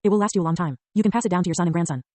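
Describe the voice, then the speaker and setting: A woman's voice: lowish voice, racing, a little mellow, no room sound, lightly acted. A woman voicing a courteous, soldierly tailor selling his wares in an audiobook. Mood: salesmanlike. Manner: courteous, salesmanlike. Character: polite soldierly male tailor merchant.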